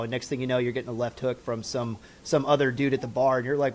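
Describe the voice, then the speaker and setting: A man with an ordinary mid-pitched voice riffs on a podcast, spinning jokey comparisons. He slips into quick mock dialogue as he tells them. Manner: joking, animated storytelling. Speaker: podcast co-host. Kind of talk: casual political chat.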